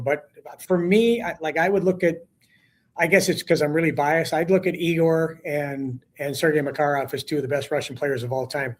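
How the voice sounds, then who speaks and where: As a guest on a talk show, a man who broadcasts hockey spins an animated story, voicing quotes with a climbing tone. His pitch is fairly high.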